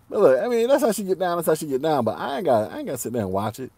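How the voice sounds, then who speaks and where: A man's voice: high voice, very animated, a little fast, gravelly, dark tone, no echo. A man hosting a podcast alone, ranting casually in heavy slang, laughing often and repeating himself. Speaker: podcast host. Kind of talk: casual solo podcast rant.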